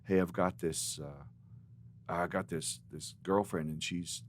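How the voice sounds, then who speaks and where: A man's voice: low-pitched, steady tone, a little slow, slight background noise. A man playing an eager security guy friend. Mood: pleading. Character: eager male friend working band security.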